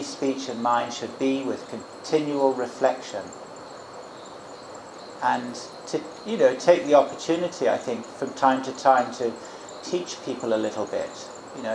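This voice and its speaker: A man teaching as a Buddhist monk, giving an informal dharma talk and guided meditation in a gentle, musing way with frequent restarts. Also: mid-range voice, moderate pace, background noise. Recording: echoey room with loud crickets. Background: crickets and insects.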